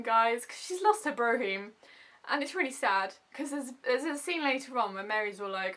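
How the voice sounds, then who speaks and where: A woman recapping in a casual vlog, gushing and animated with constant asides. Her voice is bright and clear, tossing off quick filler words as she goes. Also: medium pitch. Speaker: vlogger reviewing a TV episode.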